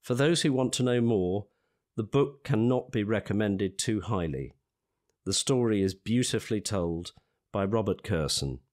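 A man with a British accent introducing and then reading aloud from a nonfiction book in a measured, earnest way. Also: on the low side, darkish tone. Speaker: audiobook reader.

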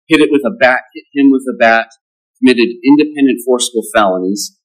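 A man's voice: lowish voice, fairly bright tone, poor audio. A man speaking as a prosecutor, laying out his case to a judge in a firm, methodical courtroom argument. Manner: firm, methodical, lays out evidence step by step.

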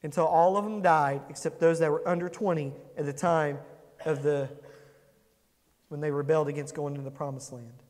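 Speaking on the high side with a steady, darkish tone at normal speed, this pastor delivers a conversational sermon in a big-sounding room. He puts questions to the congregation and acts out quotes as he goes.

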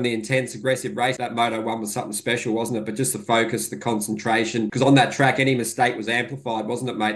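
A man hosting a casual podcast, chatty and throwing in "mate" often. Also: medium pitch. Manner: chatty, tags questions with mate. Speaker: podcast host, motocross editor.

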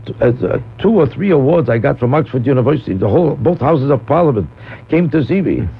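Man, comedian, rambling comic monologue, gravelly, phone-like radio sound. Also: mid-range voice, lively intonation, fast. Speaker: comedian guest host. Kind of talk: radio talk show storytelling. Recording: tinny phone-like old radio broadcast.

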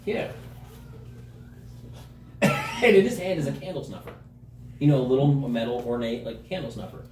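Lively laughing game master. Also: medium pitch, moderate pace. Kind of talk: narrating a tabletop game. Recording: echoey room, mic far off, noisy.

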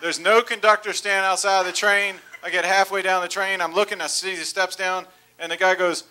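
A man in his forties tells a comic story from the pulpit, laughing as he goes and building to excited near-shouts. His voice sits a little high and rings bright and forceful. He preaches in a church. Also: a little fast, few pauses. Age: 40s. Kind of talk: storytelling sermon. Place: church sanctuary.

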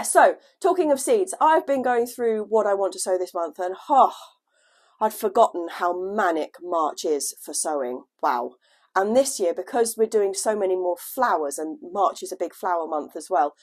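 Husky woman with a cold. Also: lowish voice. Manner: chatty, self-deprecating, laughs often. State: has a cold, voice lowered. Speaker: gardening vlogger. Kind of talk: casual chat. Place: at home indoors, at a desk.

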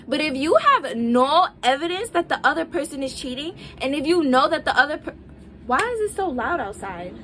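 Sassy high-voiced young woman vlogger. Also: normal speed, slight background noise. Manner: sassy, animated, talks straight to the viewer. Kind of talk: casual relationship-advice vlog.

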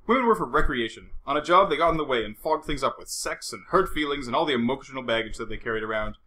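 A man reading a novel aloud as the narrator, in an animated storytelling manner. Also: medium pitch, fast. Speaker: audiobook narrator. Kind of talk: audiobook reading. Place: room at home.

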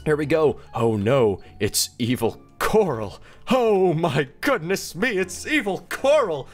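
Excitable man with a bouncy voice. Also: fairly high pitch, takes it slowly, soft background music. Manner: excitable, jokey, gasps and squeals. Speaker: gaming video host. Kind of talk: let's-play commentary.

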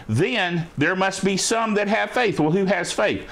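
A male pastor with a fairly high voice delivers a teaching sermon. He reads scripture slowly and stresses each phrase, then checks in with the listeners with "Amen?" and "All right?". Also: animated, a bit bright.

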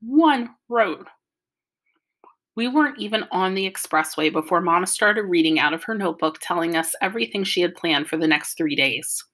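A woman reading a novel aloud with lively, wry storytelling. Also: lowish voice, moderate pace. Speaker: audiobook reader. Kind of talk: storytelling narration.

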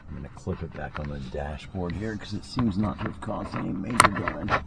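A man's voice: low voice, brisk, gravelly. A man vlogging casually from inside his car, rambling offhand with denture glue in his mouth. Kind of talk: casual vlog narration. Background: car and tire noise.

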